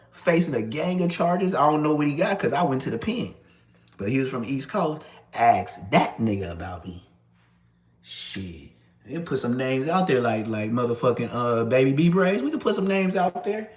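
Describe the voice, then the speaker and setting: Man, 30s, casual storyteller, lively delivery, echoey room. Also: on the high side. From Los Angeles area. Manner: animated, acts out other people's lines.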